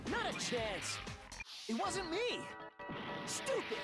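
A woman voicing a defiant, hot-headed young male student who shouts and repeats insults. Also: very high-pitched, big pitch swings, slow, pitched above the performer's own voice, exaggerated voice. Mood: childish defiance. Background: game music.

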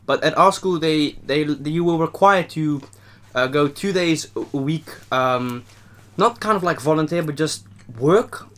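A young man with a Dutch accent, hosting a casual eating video, rambling and joking, his voice often trailing off quietly. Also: fairly high pitch, a little slow. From Netherlands. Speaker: mukbang host. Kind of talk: casual chat while eating.

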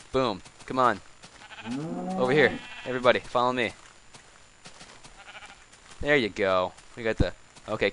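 A man's voice: mid-range voice, pushed and bright, slight background noise, low-quality recording. A man giving casual gameplay commentary, coaxing animals along with exasperated, chatty asides. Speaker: let's play host.

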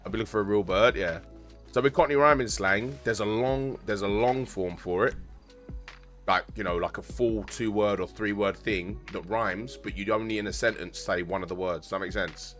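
London-accented male streamer, lowish voice, rambly and sweary, faint music behind. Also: moderate pace, a bit bright. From South East London. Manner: rambling, chatty explaining with swearing. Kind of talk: casual chat with stream viewers.

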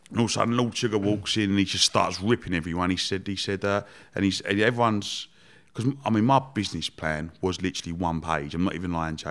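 A man telling stories as a podcast guest, animated, laughing often and swearing freely. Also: fairly low pitch. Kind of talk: casual storytelling chat.

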